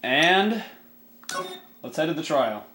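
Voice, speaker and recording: A young man with a raspy voice, casually chatting and reading game dialogue aloud as let's play host. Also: fairly high pitch, sing-song, slow, noisy background. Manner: chatty, rambling, self-correcting. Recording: echoey room with game music.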